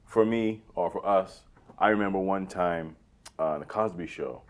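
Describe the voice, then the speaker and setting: A man from Barbados, co-hosting a casual chat, animated and quick to laugh, with lots of "yeah, yeah". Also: low-pitched. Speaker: podcast co-host.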